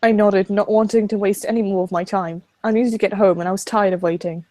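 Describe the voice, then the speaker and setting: A woman's voice: mid-range voice, fairly even intonation, fairly quick, mellow, no room sound. A woman streamer reading first-person visual novel narration aloud on a close home mic.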